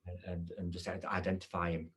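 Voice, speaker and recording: Low steady guy hosting, soft hesitant questions, lots of uhs. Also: normal speed, breathy edge. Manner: gentle, hesitant prompting with fillers. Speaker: podcast host. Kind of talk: casual interview chat.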